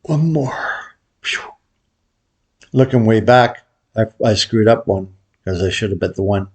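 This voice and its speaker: A man hosting a gambling video, calling out his bets in a relaxed, muttered running commentary to viewers. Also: lowish voice, moderate pace. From Vegas pro. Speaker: baccarat video host. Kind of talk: casual play-by-play of bets.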